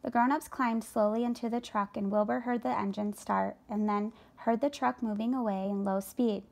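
A woman reading a children's book aloud for a school, calm and even. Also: fairly high pitch, moderate pace, creaky. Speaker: story reader for a school. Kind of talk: read-aloud storytelling.

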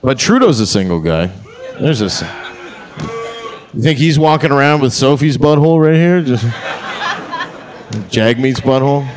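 A man's voice: medium pitch, expressive, moderate pace, pauses often, crowd noise, background noise. A man performing a crude, brash stand-up comedy set on a theatre stage. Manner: crude, brash punchline delivery.

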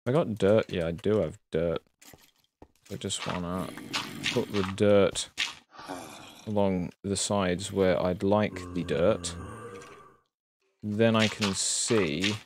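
A man's voice: low-pitched, steady tone, slow pace, long pauses. A man streaming a video game, rambling casually and swearing as he plays. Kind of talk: casual live-stream commentary. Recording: noisy home stream recording.

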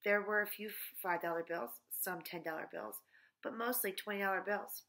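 A woman reads a children's chapter book aloud in a cheerful, chatty way. Her voice is bright and clear, pitched in an ordinary middle range. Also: moderate pace.

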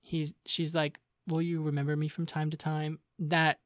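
A man's voice: fairly high pitch, completely flat delivery, normal speed, no room sound, clean studio sound. A young man co-hosting a casual podcast chat, talking loosely with many fillers as he retells scenes. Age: young adult. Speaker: podcast co-host.

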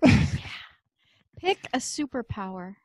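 Co-host: bubbly woman from Canada, higher voice, laughs a lot, dry close sound. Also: big pitch swings, takes it slowly, dry recording. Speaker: podcast co-host. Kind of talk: casual podcast interview.

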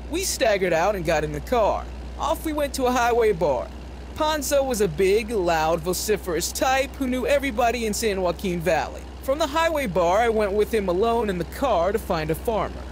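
Lively high-voiced male narrator. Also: moderate pace, a little hiss or hum. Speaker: audiobook narrator. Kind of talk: narrating a novel aloud.

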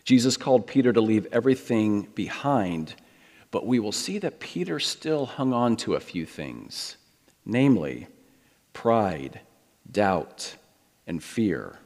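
A man's voice: fairly low pitch, big pitch swings, a little slow, a little mellow. A middle-aged American man preaching a sermon, storytelling and acting out the voices he quotes. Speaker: pastor. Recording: long hall reverb.

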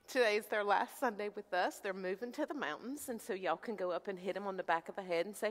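A woman's voice: medium pitch, fast talker, hardly any pauses. A woman pastor leading prayer, heartfelt and informal, close to tears. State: near tears. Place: church sanctuary. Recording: hall reverb with faint music.

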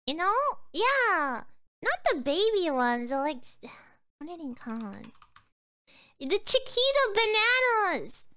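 A woman's voice: high voice, lively intonation, a little slow, fairly bright tone. A sleepy young woman streamer rambling drowsily as she chats to her viewers, often trailing off. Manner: chatting to viewers. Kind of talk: casual livestream chat.

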